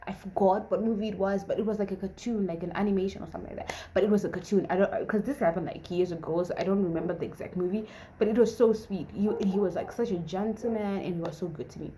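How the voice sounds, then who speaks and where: Young woman, twenties, warm mellow tone, casual storytime, chatty with lots of fillers. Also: medium pitch, steady tone, fast talker, slight background noise. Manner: chatty, filler-heavy, acts out quoted dialogue. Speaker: vlogger.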